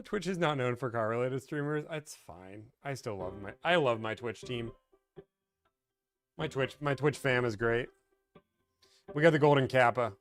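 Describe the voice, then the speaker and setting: A man hosting a live stream about negotiating car deals, chatting casually and thinking out loud with frequent restarts. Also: mid-range voice, moderate pace, pauses often, soft background music. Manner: thinks aloud, rambling with restarts. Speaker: car deal negotiator and livestream host.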